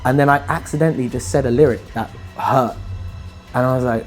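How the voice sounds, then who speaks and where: Relaxed musician man, rambling chat. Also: mid-range voice, normal speed, soft background music. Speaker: musician guest. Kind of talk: casual interview chat.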